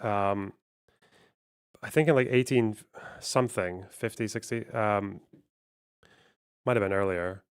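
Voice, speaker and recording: A man's voice: on the low side, slow, long pauses, clean tone. A man giving loose, casual commentary as he reacts to clips, swearing and laughing often.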